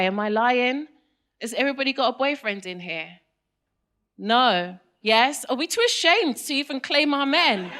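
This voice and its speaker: A woman's voice: on the high side, fairly bright tone. A woman in her thirties with a London accent, doing a stand-up comedy set and teasing the crowd with questions. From England. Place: comedy club stage.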